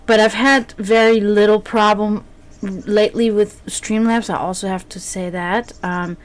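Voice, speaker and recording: A woman's voice: mid-range voice, steady tone, unhurried. A woman streamer chatting casually with her viewers, rambling with many fillers and restarts.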